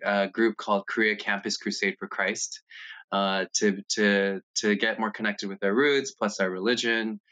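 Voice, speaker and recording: A man in his thirties from the United States, candidly telling his life story in an interview, halting at times and animated when retelling scenes. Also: lowish voice. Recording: dull, lo-fi sound.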